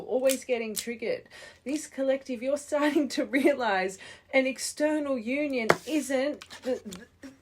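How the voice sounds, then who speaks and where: A woman's voice: on the high side, a little mellow, slight background noise. A woman giving a spiritual tarot reading to her viewers, earnest and encouraging, thinking aloud as she goes. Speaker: tarot reader.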